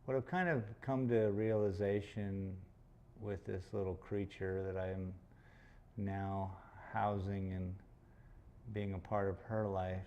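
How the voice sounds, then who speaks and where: A man's voice: deep voice, steady tone, takes it slowly, a little mellow, lo-fi sound, slight background noise. A man chatting casually on a livestream while he paints, rambling and joking with some swearing. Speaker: painter streaming live.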